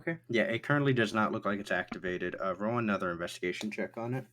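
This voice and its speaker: A man narrating a tabletop game as game master, describing things quickly with frequent fillers. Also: lowish voice, a bit bright, slight background noise.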